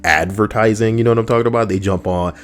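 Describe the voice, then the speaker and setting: A man's voice: fairly low pitch, steady tone, quick pace. A man giving crude, mocking comedic reactions to stories he reads out, ranting as he goes. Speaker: online commentator.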